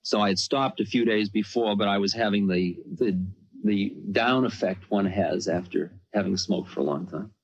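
A man's voice: lowish voice, moderate pace, slight background noise. A man telling a personal story in a rambling, conversational way, often saying "you know". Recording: dull lo-fi recording.

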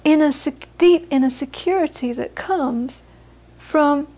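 A Buddhist teacher with a high voice and dark tone gives a dharma talk at a measured pace to a small audience. She weaves in anecdotes, repeating words often as she searches for how to phrase things.

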